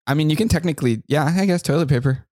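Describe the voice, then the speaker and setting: A man's voice: a little high, fast, a little mellow, no echo. A man in his twenties hosting a podcast in casual chat, upbeat, teasing and steering the talk. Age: 20s. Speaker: podcast host.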